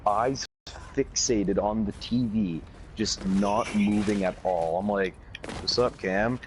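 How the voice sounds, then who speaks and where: A man's voice: on the low side, fairly even intonation, slow. A young man with a Canadian accent casually telling a rambling party story, swearing constantly. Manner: profane, rambling, laid-back. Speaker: YouTuber. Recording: loud background noise.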